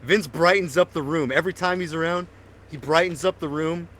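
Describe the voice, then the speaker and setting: A man's voice: a little high, brisk, fairly bright tone. A man co-hosting a casual podcast, telling band stories with laughter and impressions of friends. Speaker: podcast co-host and band member. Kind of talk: casual chat.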